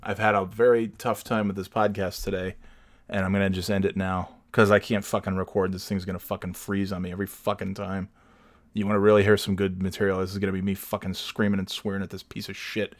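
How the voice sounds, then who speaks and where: A man's voice: deep voice, flat delivery, quick pace, no echo. A man hosting his own podcast from home, telling rambling stories in a casual, profane, self-deprecating way. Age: adult with children. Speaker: podcast host. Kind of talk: casual solo podcast storytelling. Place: home recording setup.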